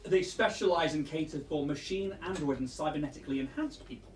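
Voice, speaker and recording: Man, game master, casual chatty narration, slightly high pitch, faint background noise. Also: a little fast, roomy sound, distant mic. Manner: casual, chatty, many fillers, laughs often.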